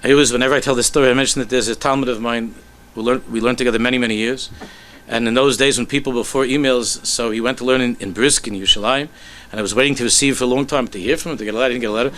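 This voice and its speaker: A man, a rabbi, telling a story in a sermon with animated delivery that sinks to soft, low tones. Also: rapid-fire, few pauses.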